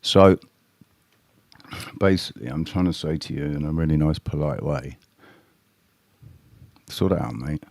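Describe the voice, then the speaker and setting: A man's voice: a bass voice, measured pace, vocal fry, long pauses, a little mellow, dry recording. A man chatting casually on a live stream, rambling and blunt, swearing freely and talking straight to his viewers. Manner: addresses chat viewers directly. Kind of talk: casual livestream chat with viewers.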